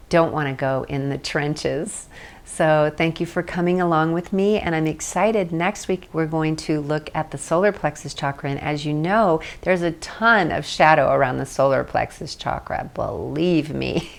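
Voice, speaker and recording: A woman leading a guided tapping session, speaking slowly, repeating phrases, and laughing often. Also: low-pitched, creaky. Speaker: tapping instructor.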